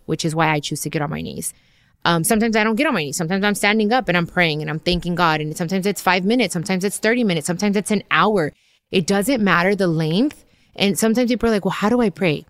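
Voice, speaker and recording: Candid woman, low and dry. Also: dry recording. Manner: candid, chatty, peppered with "like". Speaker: podcast host. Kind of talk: casual spiritual talk.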